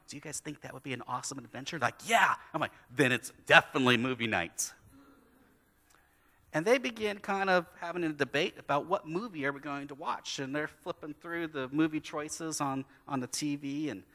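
A pastor preaching a sermon, telling a story about his kids and acting out their lines in lively storytelling. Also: on the high side. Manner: animated storytelling, acting out his kids' voices. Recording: long hall reverb.

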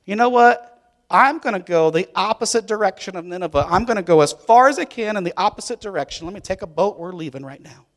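A man's voice: lively intonation, quick pace. A man voicing a resentful, grumbling prophet who refuses his mission, in a raised, indignant voice. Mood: refusing. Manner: indignant, high and loud.

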